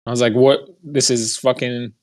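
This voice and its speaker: A man's voice: medium pitch, fairly even intonation, normal speed, darkish tone. A young man telling a heated, profane story in a casual monologue, mocking the people he quotes. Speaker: podcast host.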